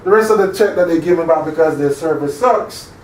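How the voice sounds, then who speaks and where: In an interactive classroom lecture, a man regularly tests his listeners and makes sure they understand. He speaks a little fast, with a voice on the high side, captured by a distant mic in an echoey room with a faint hum.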